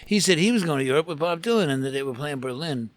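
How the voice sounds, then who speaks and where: A man's voice: fairly high pitch, animated, quick pace, dry recording. Older man telling rambling anecdotes. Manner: rambling anecdotes with restarts and acted-out quotes. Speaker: podcast guest, rock photographer. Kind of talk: casual storytelling in a podcast interview.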